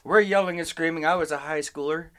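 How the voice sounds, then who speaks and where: A man's voice: on the high side, quick pace, fairly bright tone. A middle-aged man telling rambling, profane work and family stories in casual podcast chat, acting out what others said. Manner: rambling, profane anecdotes with acted quotes.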